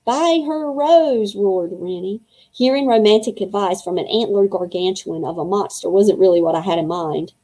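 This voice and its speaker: A woman's voice: lowish voice, moderate pace, few pauses, low-quality recording. Woman reading a children's story aloud. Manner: expressive, voices each character.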